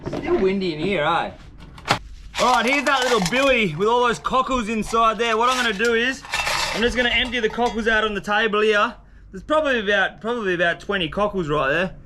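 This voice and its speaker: A man's voice: high voice, fairly quick. A young Australian man chatting casually to camera in laid-back slang by a windy roadside. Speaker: outdoor vlogger. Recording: outdoor wind and passing traffic noise.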